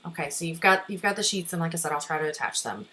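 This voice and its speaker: A woman therapist guiding a breathing exercise in a gentle, reassuring way, often checking in with listeners. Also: sits low, quick pace, poor audio. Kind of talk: guided therapy lesson.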